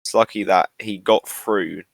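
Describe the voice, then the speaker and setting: A man co-hosts a casual chat podcast and answers in brief, low-key remarks. His voice sits low, and the recording is dry and close. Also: fairly even intonation, unhurried, vocal fry, no room sound. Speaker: podcast co-host.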